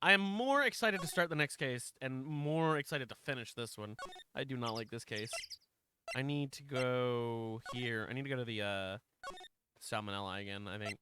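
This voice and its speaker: A man's voice: mid-range voice, moderate pace, background noise. A man casually commenting while playing a game, rambling and self-deprecating, swearing at his mistakes. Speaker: streamer.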